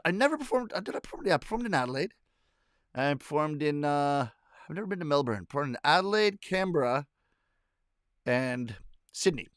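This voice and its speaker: A middle-aged man from Canada talks loosely with his online audience, trailing off, restarting and chuckling between thoughts. His voice sits a bit high for a man and is caught close and dry, with no room around it. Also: fairly bright tone, no echo. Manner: rambling, self-correcting, chuckling. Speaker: comedian hosting a weekly live stream. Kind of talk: casual chat reading viewer comments.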